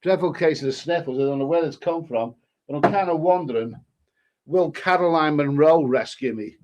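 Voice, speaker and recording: A travel vlogger with a sniffly cold chats his way through viewer comments on a live stream. His voice sits a little high for a man, and he rambles, restarting his sentences as he goes. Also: normal speed, a little mellow. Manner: rambling, chatty, many restarts. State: stuffy with a cold. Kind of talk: casual live-stream chat.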